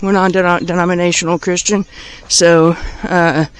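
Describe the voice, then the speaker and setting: A man's voice: sits high, flat delivery, a little slow, clean tone, low-quality recording. A man chatting casually to his viewers while walking around a small riverside town with a handheld camera, easily amazed by what he sees. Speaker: vlogger.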